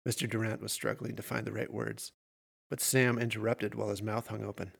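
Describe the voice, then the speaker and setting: A man narrating horror fiction in a measured storytelling voice. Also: lowish voice, little pitch movement, creaky, fairly bright tone, husky.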